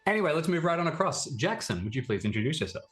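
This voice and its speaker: A man's voice: a little high, sing-song, very fast, fairly bright tone, soft background music. A man, the game master, chatting casually and tripping over his words as he opens a tabletop game. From Australia. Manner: chatty, laughs easily, trips over words.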